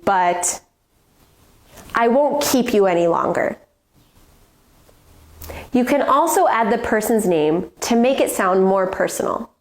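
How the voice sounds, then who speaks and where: A woman teaching English with clear, measured explanations in a scripted lesson. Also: mid-range voice, expressive. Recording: roomy echo.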